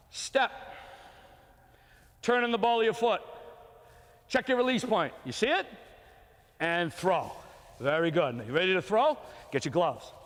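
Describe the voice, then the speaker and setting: Coaching little kids through a throwing drill, an older youth baseball coach keeps repeating brief, upbeat instructions. His voice is high-pitched with a fairly bright tone, echoing with the long reverb of a hall.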